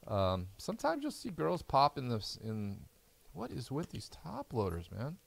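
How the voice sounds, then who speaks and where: Tired gravelly-voiced man hosting a card break. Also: mid-range voice, huge pitch swings, unhurried, dry recording. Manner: chatty, reads out card names as he opens packs. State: tired and yawning. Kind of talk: casual live stream commentary.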